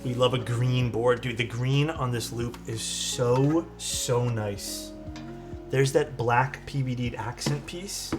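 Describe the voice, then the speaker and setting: A man in a casual livestream, talking through his work in an easy, mid-pitched voice as he answers viewers. He thinks out loud and keeps drifting away from the mic. Faint music plays behind him. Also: takes it slowly. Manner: relaxed, thinks aloud, answers chat; drifts off-mic while searching for parts. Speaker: streamer building a keyboard.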